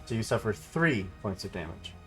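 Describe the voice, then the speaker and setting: A man's voice: lowish voice, sing-song, normal speed, a bit bright, soft background music. A man acting as game master, calling out rolls and damage in a matter-of-fact way. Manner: matter-of-fact rules calls. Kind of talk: running a tabletop game.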